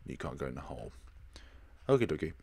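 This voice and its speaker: A man's voice: rumbling low, big pitch swings, fast, vocal fry, mellow. A man hosting a horror-game let's play. He reads the game's dialogue aloud and breaks into dramatic outbursts. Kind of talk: gaming commentary reading game dialogue aloud.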